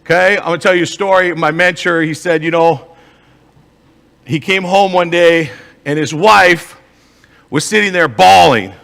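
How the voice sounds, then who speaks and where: A man's voice: sits high, moderate pace, vocal fry, pauses often, a bit bright, in a large hall. A man, a motivational speaker and life coach with an Upper Midwest American accent, giving an emphatic live talk to an audience and asking the crowd rhetorical questions. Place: stage in a hall.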